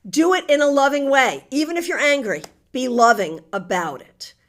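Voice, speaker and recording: An expressive, high-sitting female voice at a moderate pace belongs to a tarot reader from New England. She gives card readings to her live audience in a friendly, teasing, chatty manner, laughing frequently.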